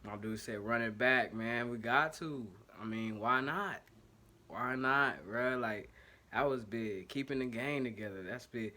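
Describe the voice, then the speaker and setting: Mid-range and sharp in tone, the voice belongs to an Ohio man with an Ohio accent who hosts a sports podcast. His fan commentary is casual and slangy, done in a single take on a home setup, with frequent self-corrections and apologies for technical glitches.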